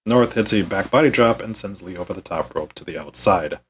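A man hosting a podcast, recapping a wrestling show in a weary, deadpan, sarcastic way and swearing often. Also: deep voice, fairly quick, slight background noise, low-quality recording.

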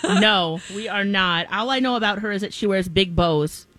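A woman co-hosting a morning radio show, throwing in quick banter and reactions. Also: medium pitch, fairly bright tone. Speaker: radio co-host.

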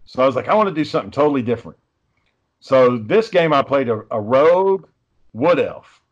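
A man's voice: medium pitch, lively intonation, a little fast. Profane storytelling man, dull lo-fi sound. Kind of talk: casual chat.

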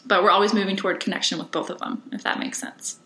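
A woman's voice: mid-range voice, steady tone, fast, sharp tone, roomy sound, poor audio. A woman hosting a podcast, chatting casually in a rambling way with lots of fillers. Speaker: podcast host. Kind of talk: casual interview chat.

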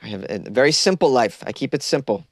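A man's voice: medium pitch, animated, fast, dry recording, studio quality. A young man hosting a comedy podcast from a closet, rambling loosely and mocking himself while caffeinated and stoned.

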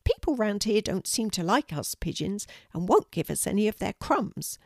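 A woman voicing a hungry, polite little male pigeon in a storybook reading, gentle and plaintive. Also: mid-range voice, very animated, normal speed, no room sound, studio quality, voice pushed up.

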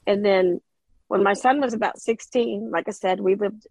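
A woman's voice: mid-range voice, steady tone, normal speed, a little mellow, dry recording, poor audio. A woman in her forties, from Oklahoma, telling a personal story in a plainspoken, direct way. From Oklahoma, USA. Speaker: guest, mother.

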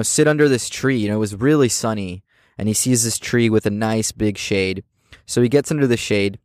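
Low-ish guy on a podcast, earnest storyteller, repeats himself, dry sound. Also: darkish tone, no room sound. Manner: earnest, repeats words while thinking. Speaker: podcast guest. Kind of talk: casual storytelling chat. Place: outdoors on campus steps.

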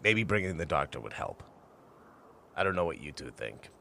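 A man's voice: extremely low pitch, very animated, normal speed, gravelly, bright, forceful tone. A man playing a tabletop game, arguing plans with the group and swearing casually. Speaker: player.

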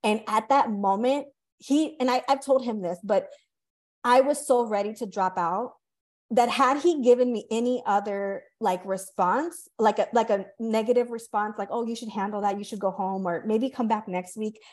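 Animated, high-voiced woman telling a story. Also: moderate pace. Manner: animated storyteller, acts out quoted voices, swears casually. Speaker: podcast host. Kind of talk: casual conversation.

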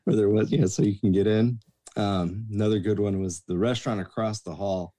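Low-voiced man telling bar stories. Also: fairly quick. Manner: animated storyteller, acts out quoted voices. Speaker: former bartender telling stories. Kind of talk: casual storytelling chat.

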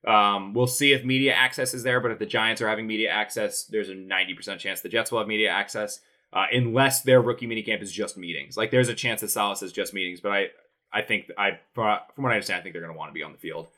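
Fast-talking, bright young man. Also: fairly low pitch, fairly even intonation. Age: young adult. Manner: rambling storyteller, many fillers and restarts. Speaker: sports reporter and podcast guest. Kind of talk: casual podcast chat.

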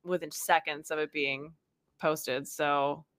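A woman's voice: deep voice, level tone, slow, fairly bright tone, no echo. Easygoing, laughing woman co-host. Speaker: podcast co-host. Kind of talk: casual sports chat.

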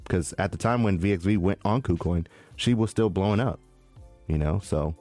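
A low-pitched man co-hosting a casual podcast, excitable and full of slang. Faint music plays underneath him. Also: brisk. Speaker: podcast co-host. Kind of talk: casual crypto chat.

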